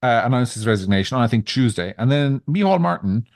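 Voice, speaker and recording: A man co-hosting a political podcast, giving measured opinions in casual chat with frequent restarts. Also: medium pitch, animated, a little mellow, no room sound, clean studio sound. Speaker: podcast co-host.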